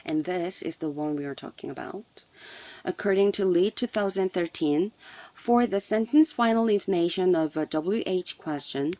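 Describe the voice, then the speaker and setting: A woman delivers a prepared academic talk at a conference. Her voice sits fairly low and sounds soft and mellow, and she reads in a measured, explanatory way. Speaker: conference presenter. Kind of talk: scripted academic presentation.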